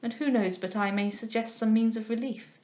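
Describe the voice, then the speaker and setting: A woman reading aloud, voicing an elderly male guardian who speaks softly, mildly and solemnly. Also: on the high side, steady tone, fairly quick, close to an everyday voice. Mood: grave. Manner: soft, mild, solemn speech.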